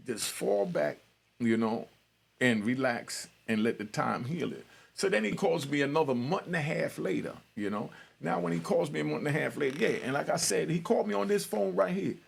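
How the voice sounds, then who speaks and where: A middle-aged man with a gravelly, husky voice tells a story in loose street talk. He acts out both sides of old phone calls, slipping from one speaker to the other in an easy, conversational way. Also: fairly high pitch. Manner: street-talking, retells conversations with quoted voices. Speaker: storyteller host. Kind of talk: casual spoken storytelling.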